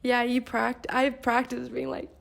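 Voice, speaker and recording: A young woman in casual chat, excitable and quick to laugh, using slang. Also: on the high side, gravelly.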